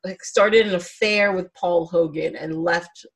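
A woman with a lowish voice in a relaxed movie conversation. She talks freely and laughs easily. Her voice often fades into soft, muttered asides. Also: unhurried, creaky. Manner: chatty, laughs often, trails off into quiet asides. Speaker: podcast co-host. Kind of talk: casual chat about movies.

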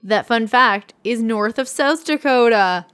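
A woman from Canada co-hosting a casual film chat, playful and quick with jokey asides. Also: fairly high pitch, a bit bright, clear, resonant tone. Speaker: podcast co-host.

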